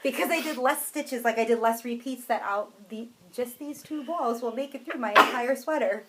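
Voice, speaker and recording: A woman co-hosting a crafts podcast in casual chat, self-deprecating and quick to laugh. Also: a little high, background noise. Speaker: podcast co-host.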